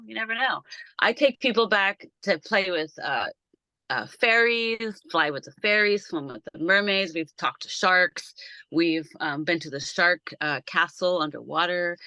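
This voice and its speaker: Her voice sits on the low side and moves at a normal speed, with no echo, as she hosts a casual video-call podcast from a backyard shed. She narrates stories with gusto, acting out the voices within them.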